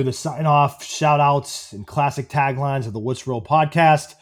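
A man's voice: mid-range voice, a little slow, over music. A man co-hosting a podcast in loose, profane banter, worn out from long workdays. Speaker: podcast co-host.

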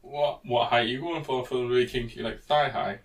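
A man's voice: medium pitch, a little fast, distant mic. A man co-hosting a casual book-discussion podcast, laughing often and swearing in loose banter. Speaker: podcast co-host.

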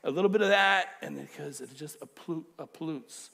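A man preaching a sermon as pastor, animated and emphatic. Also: fairly high pitch, a little fast, vocal fry.

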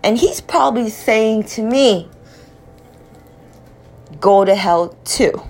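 A woman speaking slowly in an emotional personal monologue, grieving and tearful, often dropping to a near whisper. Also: a little high, darkish tone. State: tearful, in grief.

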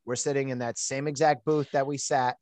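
A man's voice: medium pitch, little pitch movement, fairly quick, darkish tone, no echo. A man hosting a podcast, telling a personal story in an outgoing, chatty way with plenty of fillers. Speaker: podcast host. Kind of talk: casual storytelling chat.

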